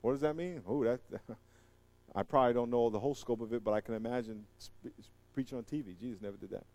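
A man preaching a sermon, animated and joking, swinging from loud emphatic lines to quiet asides. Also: medium pitch, fast, no echo. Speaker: pastor.

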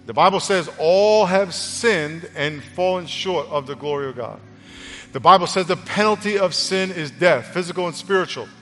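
A man's voice: high-pitched, lively intonation, moderate pace, fairly bright tone. A male pastor preaching a sermon and leading an altar call in an earnest, conversational way. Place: church auditorium. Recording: long church reverb, faint music.

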